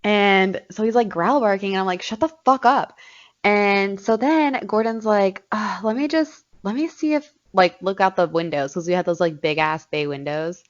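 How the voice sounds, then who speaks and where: A woman's voice: mid-range voice, normal speed, few pauses. A young woman co-hosting a podcast, telling a story in casual, profane chat and laughing often. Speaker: podcast co-host. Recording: dull lo-fi podcast audio.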